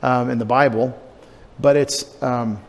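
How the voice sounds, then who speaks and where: A pastor giving a conversational, digressive sermon, with asides and restarts. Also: male voice, mid-range voice, fairly even intonation, a little slow, vocal fry. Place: church sanctuary. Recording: long church reverb, faint room noise.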